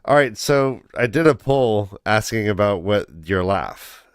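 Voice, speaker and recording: Slow, dry, laid-back man. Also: on the low side, lively intonation, smooth, no echo. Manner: laid-back, dry riffing, laughs easily. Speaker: podcast co-host. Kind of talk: casual book discussion chat.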